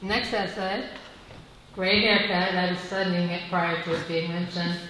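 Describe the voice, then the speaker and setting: A woman's voice: on the low side, fairly even intonation, a little slow, a bit bright, a little hiss or hum. A woman in the audience speaking to an old friend in an affectionate, heartfelt way. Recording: echoey hall from far off.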